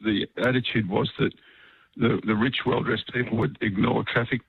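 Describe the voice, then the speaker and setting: A man's voice: medium pitch, steady tone, moderate pace, gravelly, husky, no room sound. A man calling in to a radio talkback show, speaking hesitantly with many fillers and restarts over a phone line. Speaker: caller.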